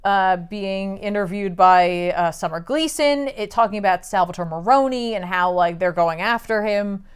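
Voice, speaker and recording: A woman's voice: mid-range voice, normal speed, smooth. A woman co-hosting a casual chat, recapping a comic book's story and briefly acting out the characters' lines as she goes. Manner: animated storytelling, acting out quotes in passing. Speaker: podcast co-host recapping a comic.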